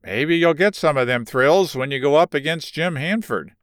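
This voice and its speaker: A man reading the part of a boastful, blunt boxing manager, dropping his voice lower for him. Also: expressive, moderate pace, dry recording, clean studio sound, close to an everyday voice.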